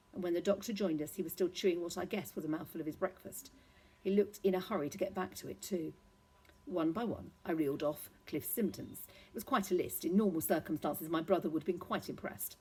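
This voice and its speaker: A woman's voice: fairly low pitch, a little mellow, slightly rough, low-quality recording. Woman reading a children's novel. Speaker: reader.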